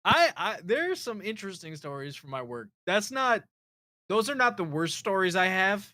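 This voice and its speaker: A man co-hosting a casual live stream, telling work anecdotes in an animated way and swearing freely. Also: sits high, moderate pace, no room sound. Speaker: co-host.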